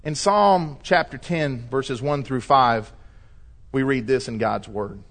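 A middle-aged man pastor delivering a sermon, preaching emphatically and rising to loud cries when he quotes scripture. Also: medium pitch, takes it slowly.

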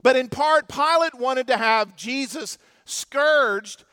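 High-voiced impassioned male preacher. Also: slow, smooth, no echo, studio quality. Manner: impassioned preaching with dramatic swings between loud and hushed. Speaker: pastor. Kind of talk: sermon.

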